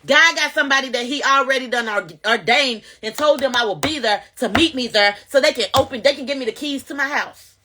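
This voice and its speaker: Woman vlogger, bright and forceful voice, pitched a little high, preaches straight to viewers. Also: a little fast, slight background noise. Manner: animated, preachy, addresses viewers directly. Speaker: vlogger sharing testimony. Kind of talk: casual spoken testimony to camera.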